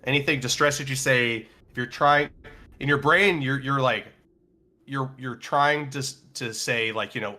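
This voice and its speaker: A man narrating a tabletop role-playing game as game master in a relaxed, playful way. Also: medium pitch, moderate pace.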